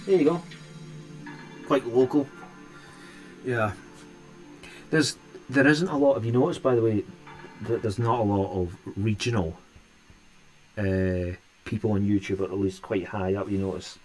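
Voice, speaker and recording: A man's voice: on the low side, fairly even intonation, unhurried, pauses often, faint music behind. A Scottish man hosting a live stream and chatting casually with viewers, rambling and restarting his sentences often. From Scotland. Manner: rambling, hesitant, many restarts.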